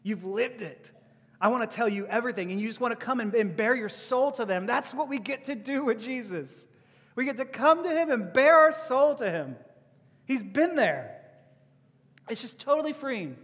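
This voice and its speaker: A man's voice: very high voice, animated, normal speed, fairly bright tone. A man preaching a sermon as pastor, conversational, with rhetorical questions and laughing asides. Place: church hall. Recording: long hall reverb.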